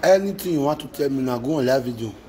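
A man's voice: medium pitch, animated, fast, dark tone, rough recording. A man with a Nigerian accent in an emotional rant to his wife, repeating himself and mixing in Pidgin exclamations. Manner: repetitive, mixes Pidgin with exclamations.

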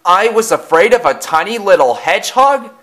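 A man voicing a small, frightened young male tank engine in a storybook reading, with high, jumpy, panicky cries. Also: lively intonation, brisk, a bit bright. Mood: sheepish. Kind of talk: storybook character voice.

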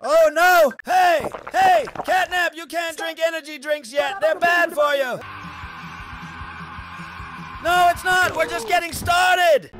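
A man reacting to short videos, talking to his viewers in an excitable, shouty way full of exclamations. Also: very high voice, takes it slowly, over music.

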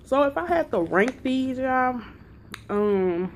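A woman vlogger chatting casually through a snack taste test, talking excitedly and calling her viewers y'all. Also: sits high, slow, slight background noise.

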